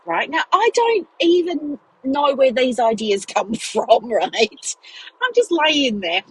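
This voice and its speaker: A woman's voice: fairly high pitch, big pitch swings, slow pace, slightly rough, poor audio. A woman hosting a podcast, telling a personal story in a chatty, casual way with frequent fillers, speaking while driving. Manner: chatty, many "like" fillers and laughs. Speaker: podcast host, business mentor. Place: in a car, driving.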